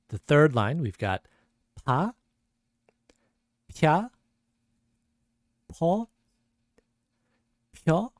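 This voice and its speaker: A man's voice: mid-range voice, sing-song, slow, long pauses, no echo, clean studio sound. A man teaching a pronunciation lesson, patiently repeating each sound several times. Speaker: language teacher.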